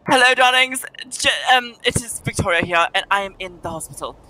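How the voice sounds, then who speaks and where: A woman's voice: on the high side, a little fast, pushed and bright, slight background noise. A woman voicing a dramatic, self-important female socialite vlogger who calls everyone darlings and shrieks when upset. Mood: posh vlog. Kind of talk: role-play vlogging.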